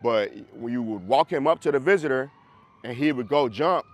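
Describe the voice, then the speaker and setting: This male dog trainer runs a group class over video call, casual and conversational, often checking understanding. He speaks at a moderate pace in a mid-range voice with lively intonation.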